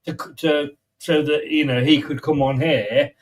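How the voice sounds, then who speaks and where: A man's voice: a little high, steady tone, unhurried. English male co-host, blunt and banter-heavy, distant from the mic. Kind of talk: casual football chat.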